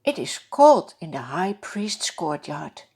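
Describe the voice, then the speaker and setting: A woman narrating a Bible story for children, reading slowly and expressively and asking her young listeners direct questions. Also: fairly low pitch, big pitch swings, warm tone, slightly rough.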